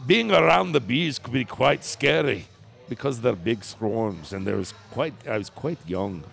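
A young Scottish beekeeper, talking in a halting, self-conscious way, as a man puts on the accent. The voice is gravelly and swoops up and down. Soft music plays faintly behind. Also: mid-range voice, animated, full character voice. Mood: earnest. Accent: attempted Scottish.

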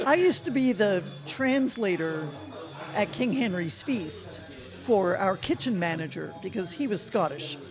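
A woman telling a workplace anecdote in casual chat, animated and quick to laugh. Her pitch is mid-range. Music plays clearly behind her. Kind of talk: casual storytelling.

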